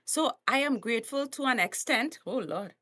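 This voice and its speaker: A Trinidadian woman, a coach and comedian, talks bluntly with frequent laughter on a podcast. Her voice sits high and sounds bright and forceful. She acts out little quotes as she goes. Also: expressive, moderate pace. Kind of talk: animated podcast conversation.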